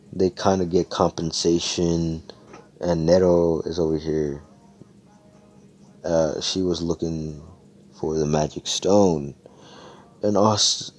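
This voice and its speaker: Young man, low voice, mellow tone, rambling profane storytelling, voice chat mic. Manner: rambling, profane, acts out characters' lines. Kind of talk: casual improvised fan-fiction storytelling. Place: Discord voice chat. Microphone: headset or desk mic on voice call.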